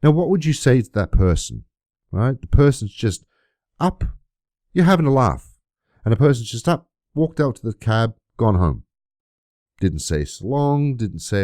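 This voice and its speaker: Low indignant man. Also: expressive, normal speed, mellow, no room sound, studio quality. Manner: indignant, emphatic, rhetorical questions. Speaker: YouTube creator. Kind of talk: aggrieved monologue to camera.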